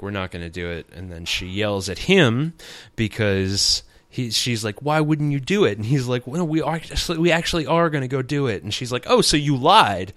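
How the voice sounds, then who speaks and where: A man with a fairly low, smooth voice rambles through a casual film recap with plenty of jokes. He tosses off quick paraphrased lines for the characters as he goes. The sound is dry and close to the mic. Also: fairly bright tone, dry recording. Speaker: podcast host recapping a film.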